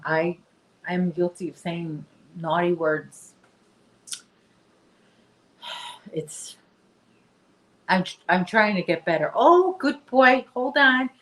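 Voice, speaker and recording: A woman chats her way through a relaxed crochet livestream. She talks slowly and rambles from one thought to the next, addressing her viewers directly. Her voice sits on the low side. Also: low-quality recording. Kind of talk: casual livestream chat.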